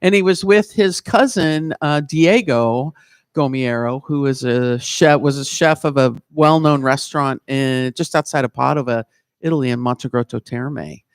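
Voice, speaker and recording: A man's voice: medium pitch, moderate pace, smooth, dry recording, studio quality. A man sharing an enthusiastic anecdote as a guest on a live cooking show. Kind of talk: casual live chat.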